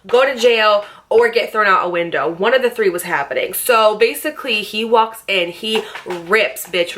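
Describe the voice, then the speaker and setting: A young woman vlogger casually telling a personal story, animated and swearing freely as she acts out what people said. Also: medium pitch, moderate pace, few pauses.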